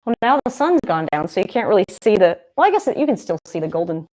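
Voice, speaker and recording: A woman's voice: medium pitch, very animated, quick pace, a little mellow. Chatty woman rambling through live football. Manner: chatty and rambling, thinking aloud. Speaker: livestream host. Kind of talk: casual live game commentary.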